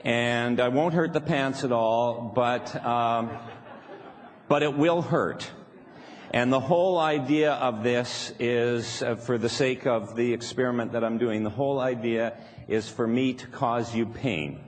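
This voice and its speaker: A man's voice: medium pitch, a little slow. A man giving a playful live workshop talk to an audience, laughing now and then and acting out little voices as he speaks. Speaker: seminar speaker. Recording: live hall recording with reverb.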